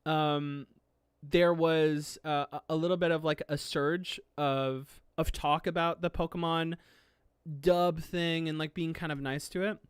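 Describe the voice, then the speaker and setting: A smooth, resonant streamer talks in a casual live-stream chat, getting excitable and gushing, near tears with emotion. The voice dips into low mumbles and jumps to high squeals. The sound is dry and close, with no room echo. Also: measured pace. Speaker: streamer reacting to an anime.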